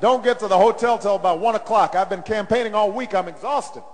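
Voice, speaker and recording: A middle-aged presidential candidate speaks at a campaign rally in a big indoor arena, his voice high-pitched and fairly quick. He tells a story that builds into call-and-response chanting, and the recording carries the arena's long reverb.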